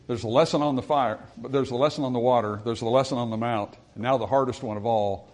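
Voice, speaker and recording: A man preaching a sermon to his congregation in an earnest voice. He rises for emphasis and then drops low and quiet. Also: steady tone, fast talker. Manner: reads scripture in old-style phrasing.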